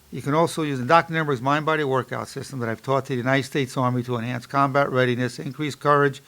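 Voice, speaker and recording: A psychologist in his sixties giving an instructional lecture, emphatic on key points and slow and soft when guiding an exercise. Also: mid-range voice, gravelly. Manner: repeats affirmations slowly and softly during exercise.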